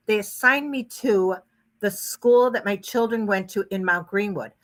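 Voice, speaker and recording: A woman's voice: mid-range voice, a little slow. A woman guest telling stories in a casual podcast chat, chatty and enthusiastic about her hypnosis work.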